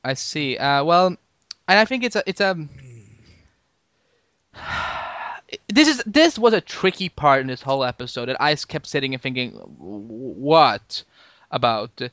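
A man in casual podcast chat whose voice sits a touch high. He talks excitably, trips over his words and restarts often. The sound is close and dry. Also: fairly quick, smooth, no room sound. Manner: excitable, stumbling restarts, pitch jumps up when disagreeing. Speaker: podcast co-host.

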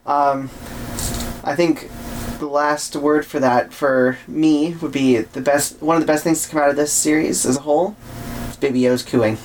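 A man hosting a casual podcast chat, easygoing and laid back, often filling pauses with ums and yeahs. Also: fairly high pitch, steady tone, slight background noise. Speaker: podcast host.

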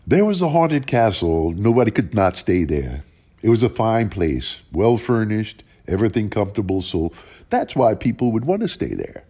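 Gravelly man telling a folk tale. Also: fairly low pitch. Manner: plain, unhurried folksy telling with lively rises. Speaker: storyteller.

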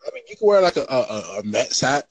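A man from the Los Angeles area talks in loose, rambling casual chat, full of fillers. His voice sits at an ordinary male pitch and sounds dry and close to the mic. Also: sing-song, fast, breathy edge, dry recording, poor audio. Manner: rambling, many fillers, laughs off his points.

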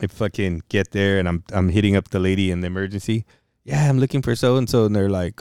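A man with a fairly low, smooth, resonant voice tells a story in casual chat and swears freely. He acts out his own angry outbursts as he goes. The sound is close and dry. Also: fairly even intonation, a little fast, darkish tone, no echo. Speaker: podcast co-host.

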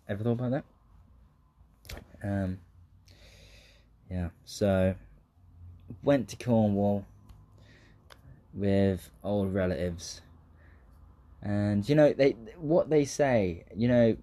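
A man's voice: fairly low pitch, warm tone. A young man with a southern English accent talking casually in a rambling monologue, swearing freely, laughing often and drifting into tangents. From southern England.

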